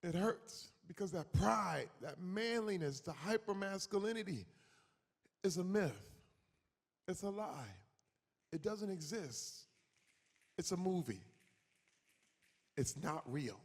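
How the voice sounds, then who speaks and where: A man in his forties speaking as a guest in an on-stage conference conversation, emphatic and animated. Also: high-pitched, takes it slowly, pauses often. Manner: animated, acts out quoted voices, emphatic. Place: conference hall. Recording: reverberant hall.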